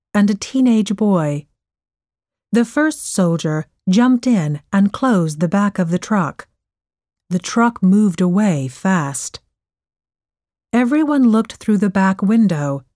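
A woman narrating an audiobook story in a clear, measured voice. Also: medium pitch, warm tone, dry recording, studio quality.

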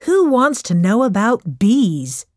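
A woman's voice: a little high, very animated, slow pace, a little mellow, no echo, clean studio sound, heavily acted. A woman voicing a cheeky teenage troublemaker boy in a storybook reading, breezy and teasing.

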